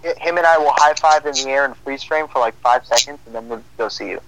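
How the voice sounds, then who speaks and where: Animated young man acting out stories. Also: medium pitch, fast, no echo, poor audio. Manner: animated storyteller acting out quoted dialogue. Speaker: podcast co-host. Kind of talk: casual chat.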